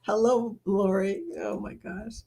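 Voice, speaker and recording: A woman's voice: mid-range voice, steady tone, takes it slowly, creaky, warm tone. A middle-aged woman, hosting a casual livestream chat, reading viewer comments aloud and laughing often.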